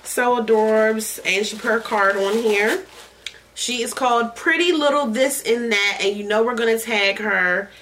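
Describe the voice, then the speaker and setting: A woman hosting a casual podcast chat, gushing with excitement and swearing freely. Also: a little high, a little slow, a little hiss or hum, low-quality recording. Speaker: podcast host.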